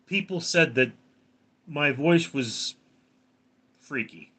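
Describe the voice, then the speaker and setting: A man's voice: on the high side, lively intonation, takes it slowly, bright, forceful tone, breathy edge. A man with a round, resonant voice, chatting casually on a live stream as he reads viewer comments aloud and answers them.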